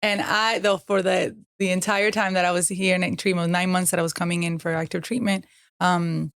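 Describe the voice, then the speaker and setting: A woman's voice: fairly low pitch, little pitch movement, normal speed, fairly bright tone, dry recording, clean studio sound. A woman guest telling her own story in a candid, earnest way, with many fillers. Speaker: guest, cancer survivor.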